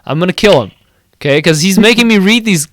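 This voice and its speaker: A man's voice: high-pitched, animated, fairly quick, a bit bright. A young man co-hosting a comedy podcast, reading a badly written fan story aloud, stumbling over its misspellings and breaking into banter.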